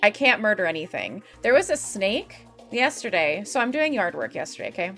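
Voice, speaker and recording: A woman's voice: mid-range voice, big pitch swings, brisk, sharp tone, soft background music. A young woman from the US Midwest streaming a game, rambling in casual chatter that is giggly and full of swearing.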